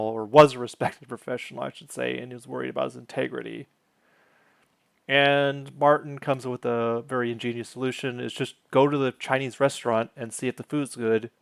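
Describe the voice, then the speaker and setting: A man's voice: medium pitch, creaky, no echo. A man hosting his own channel, casually recapping a sitcom episode, wandering off on tangents and correcting himself as he goes.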